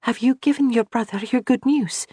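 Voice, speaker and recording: A narrator voicing a frightened young woman with a quick tongue in an audiobook. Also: medium pitch, dark tone, husky, dry recording, clean studio sound, voice pushed up, close to an everyday voice. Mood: timid. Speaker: character in an audiobook. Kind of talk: audiobook character reading.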